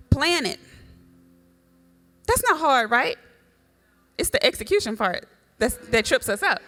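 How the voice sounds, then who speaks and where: A woman's voice: fairly high pitch, fairly bright tone. A woman, a women's mentor and coach, gives a motivational faith talk to a live group, preaching in call-and-response style and rallying her audience. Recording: long hall reverb.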